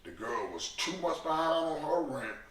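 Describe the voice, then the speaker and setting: A man's voice: fairly high pitch, normal speed, far from the mic, slight background noise. A man telling a profane story in a casual interview, acting out the other people's voices. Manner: animated, profane, acts out voices in his stories. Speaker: guest. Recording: echoey room, set back from the mic.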